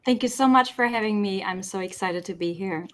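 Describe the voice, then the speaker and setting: A woman speech-language pathologist answering interview questions in a clear, teacherly explaining manner. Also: medium pitch, a little fast.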